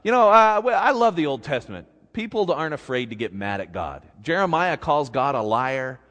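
A man pastor preaching a sermon in a church, telling a story in an animated, folksy way. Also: on the high side, normal speed. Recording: long reverb in a big hall.

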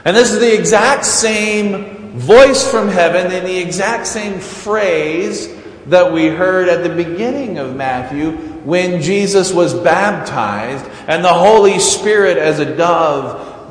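A male pastor delivering a sermon in an unhurried, halting way, filling gaps with fillers and dropping wry asides. His voice rings out in a large echoey church with a faint hum of ambience behind. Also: mid-range voice. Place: church sanctuary.

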